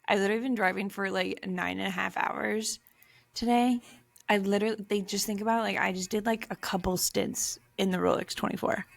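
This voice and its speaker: A woman's voice: medium pitch, brisk, vocal fry. A young woman co-hosting a podcast, chatting casually and telling stories with laughter. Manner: chatty, laughing, animated storytelling. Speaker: podcast co-host. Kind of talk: casual chat.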